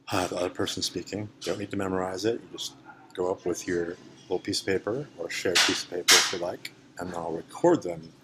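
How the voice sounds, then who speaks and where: A man with a plain General American accent gives a classroom English lesson, his voice sitting very low. He talks slowly and loosely, full of ums and restarts. Clear room noise runs behind him. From United States. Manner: relaxed and unhurried, with many ums and restarts. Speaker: English teacher. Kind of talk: classroom microlesson.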